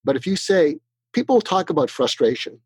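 A man giving animated, practical advice in an interview, acting out both sides of sample conversations. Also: a little high, normal speed, breathy edge, no echo. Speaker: guest expert.

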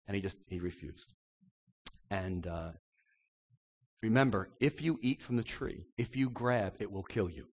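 A male pastor preaching an animated sermon and acting out the voices in the stories he tells. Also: lowish voice, a little slow, long pauses, big-room sound.

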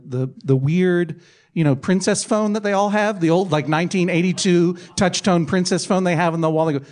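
A man's voice: high voice, moderate pace, a little mellow. Man telling a comic self-mocking story. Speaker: podcast guest telling a story. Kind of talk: comic anecdote.

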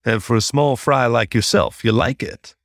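A man's voice: mid-range voice, moderate pace, gravelly, no room sound, studio quality, close to an everyday voice. A man doing a teasing older rabbit teacher. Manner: easygoing and folksy teasing.

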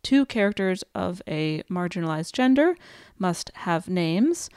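A woman co-hosting a podcast, chatting casually and backing up her partner with quick affirmations. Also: fairly low pitch, lively intonation, a little mellow, clear, resonant tone, no echo, clean studio sound. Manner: supportive, frequent short affirmations. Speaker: podcast co-host.

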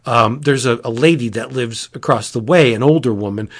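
A man chatting casually as a podcast host, retelling a comic in a rambling, animated way. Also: medium pitch, moderate pace. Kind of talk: casual chat.

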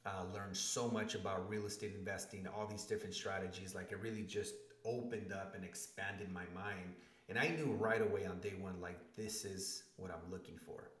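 Man, very deep voice, interview guest, animated storytelling, echoey room. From Spanish-speaking family. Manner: animated storyteller, acts out quotes with rising emotion.

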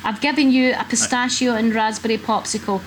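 A middle-aged woman with a Scottish accent, a comedian telling lively, profane anecdotes in casual conversation. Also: a little high, brisk. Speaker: comedian guest. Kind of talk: casual chat.

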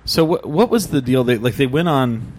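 A man's voice: mid-range voice, lively intonation, moderate pace, a little mellow, slight background noise. Laid-back, swearing podcast host man. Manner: loose, swearing, laughing easily. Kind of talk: casual interview chat.

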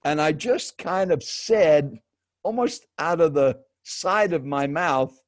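A man in his seventies, a professional speaker and guest, telling a story with dramatic pauses and speaking directly to the host. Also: on the high side, no room sound, clean studio sound. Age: 70s. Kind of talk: animated storytelling.

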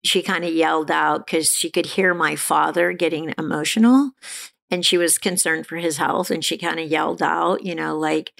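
Middle-aged female guest, gravelly and fairly low, candid and halting with many restarts. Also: little pitch movement, fairly bright tone. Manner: halting, frequent restarts and fillers, laughs now and then. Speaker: guest sharing her recovery story. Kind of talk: candid personal storytelling.

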